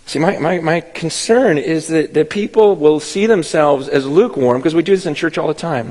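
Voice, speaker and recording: A man's voice: fairly high pitch, normal speed, hardly any pauses, darkish tone. A man preaching a sermon with passion, often stammering and repeating words and acting out the voices he quotes. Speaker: pastor. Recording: long hall reverb.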